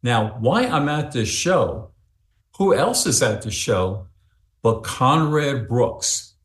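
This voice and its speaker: A man tells a story in a chatty, rambling way, full of fillers as he goes. His voice sits at an ordinary pitch for a man. The sound carries a roomy echo. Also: lively intonation, slow. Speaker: psychic medium guest. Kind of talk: storytelling in a podcast interview.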